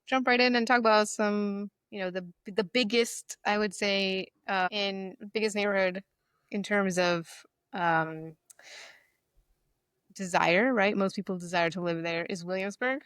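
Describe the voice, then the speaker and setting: A woman's voice: mid-range voice, measured pace, a bit bright, clear, resonant tone, no room sound, clean studio sound. A woman hosting a casual podcast, chatty and upbeat with lots of fillers. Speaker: podcast host.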